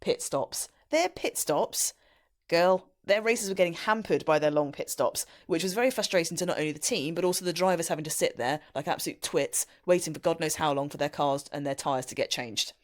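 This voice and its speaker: A woman's voice: sits low, a little fast, hardly any pauses. A woman co-hosting a casual podcast in a playful, teasing, giggly way. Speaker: podcast co-host.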